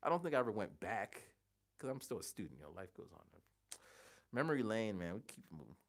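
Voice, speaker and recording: Halting, rambling man in his forties. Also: lowish voice, very animated. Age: 40s. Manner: rambling, halting, thinks aloud with many restarts. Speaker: livestreamer. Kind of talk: casual livestream chat.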